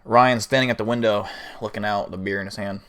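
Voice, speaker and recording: A man with a fairly low voice spins an improvised story for his livestream audience. He rambles casually, tripping over fillers and dropping curse words as he goes. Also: fairly even intonation, a little fast, a bit bright. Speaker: livestream host.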